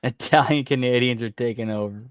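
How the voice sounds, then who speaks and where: A man co-hosting a wrestling podcast, chiming in with quick jokes and laughs. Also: medium pitch, no room sound, clean studio sound. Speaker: podcast co-host. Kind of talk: casual wrestling chat.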